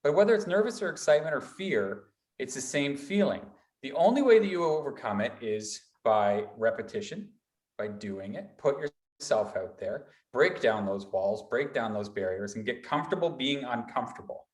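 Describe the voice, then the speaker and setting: A man presenting a motivational workshop, talking in lively repeated lists like a college instructor. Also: medium pitch, moderate pace, roomy sound. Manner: animated, builds repetitive lists.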